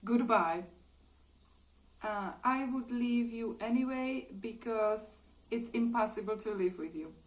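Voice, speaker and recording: A woman's voice: fairly high pitch, slow, poor audio. A woman voicing a young comic heroine who is fed up with her jealous partner and speaks indignantly.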